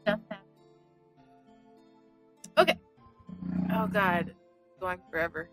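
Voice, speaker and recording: A woman co-hosting a comedy podcast, reading a game's stage directions in a deadpan way. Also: lowish voice, slow pace, loud music behind the voice. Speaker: podcast co-host.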